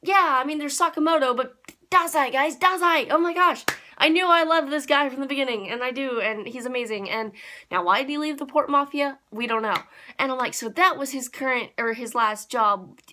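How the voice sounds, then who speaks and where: A young woman reviewing an anime episode in a casual, gushing way, with sudden excited jumps in pitch. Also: brisk, a little hiss or hum.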